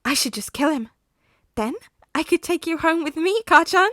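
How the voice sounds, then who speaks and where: A woman's voice: high voice, expressive, normal speed, a bit bright, no echo, studio quality, voice pushed up. A woman voicing an unhinged, teasing villainous teenage boy in a fan audiobook reading. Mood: menacing. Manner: sing-song, teasing, unsettling.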